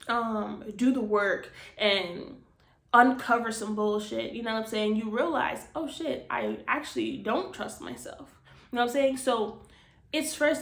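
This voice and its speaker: A woman's voice: fairly high pitch, roomy sound. A woman hosting a podcast, talking frankly and earnestly to camera, swearing freely and repeating phrases for emphasis. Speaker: podcast host. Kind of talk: casual motivational talk. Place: indoors, speaking to camera.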